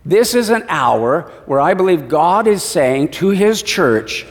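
Animated male preacher in a reverberant hall. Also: high voice, slow. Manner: animated storytelling preacher, acting out quotes. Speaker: pastor. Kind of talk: sermon.

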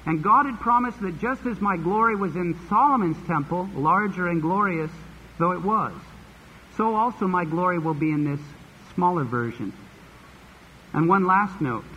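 A man's voice: high voice, normal speed, bright, forceful tone, lo-fi sound. Male pastor, Bible teaching sermon, faint hiss, long church-hall reverb. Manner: expository Bible teaching with folksy asides.

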